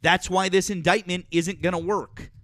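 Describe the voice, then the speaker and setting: A high-pitched, bright man with a sore throat, hosting a live political call-in show. He argues in a blunt, profane, combative manner. The sound is dry and close. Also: fairly even intonation, normal speed, dry recording. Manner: argumentative, profane, talks over callers. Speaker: political talk show host. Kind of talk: heated live call-in debate.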